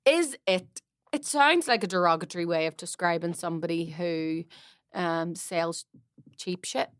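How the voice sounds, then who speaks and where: A woman co-hosting a comedy podcast, riffing playfully with quick jokes. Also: lowish voice, smooth, no room sound, clean studio sound. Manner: quick, playful riffing, frequent laughter between lines. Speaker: podcast co-host. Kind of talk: casual comedic chat.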